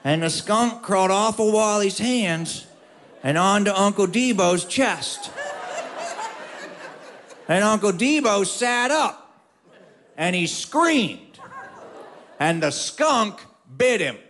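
A man telling a funny story to an audience, with wry, drawn-out comic timing. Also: high-pitched, expressive, fairly bright tone, a little hiss or hum.

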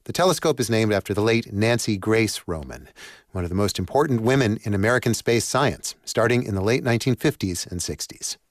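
A man with a fairly low voice reads a radio news story. His delivery is measured and clear. The studio sound is dry. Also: expressive, no room sound. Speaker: news reporter. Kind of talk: scripted radio news narration.

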